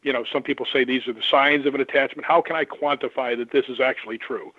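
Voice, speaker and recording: A man who investigates the paranormal, telling lively stories and acting out the voices of the people in them. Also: medium pitch, quick pace, breathy edge, no echo. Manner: animated anecdotes, acts out quoted voices. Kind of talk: storytelling on a radio call-in. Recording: tinny phone line.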